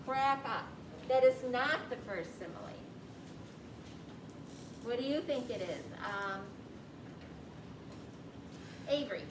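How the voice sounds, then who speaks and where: A woman's voice: fairly high pitch, lively intonation, slow pace, long pauses, background noise. A woman teacher leading a classroom reading lesson, guiding students with questions. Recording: echoey room with clear background ambience.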